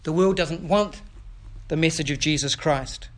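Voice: mid-range voice, a little slow. A pastor preaching an earnest sermon that explains scripture and puts questions to the children.

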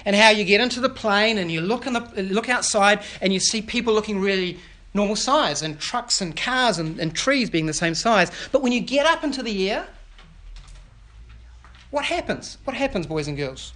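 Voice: medium pitch, lively intonation, fairly quick, bright, forceful tone. A pastor preaching an earnest sermon that explains scripture and puts questions to the children.

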